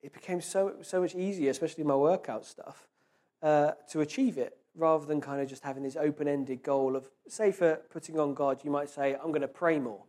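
A man preaches in a relaxed, conversational way, his voice sitting a little higher than most men's. He slows down to read scripture with emphasis. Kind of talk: informal sermon.

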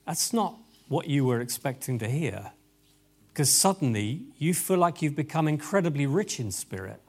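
Guy preaching, high voice that swings all over, bursts out with exclamations. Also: normal speed. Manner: animated, exclamatory, talks straight to the audience. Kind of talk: lively sermon. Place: event hall with tables.

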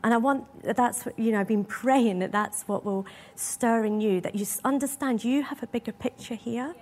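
A woman's voice: fairly high pitch, moderate pace, darkish tone, a little hiss or hum. A woman preaching a sermon in a church hall, earnest and emotional, asking her listeners many rhetorical questions.

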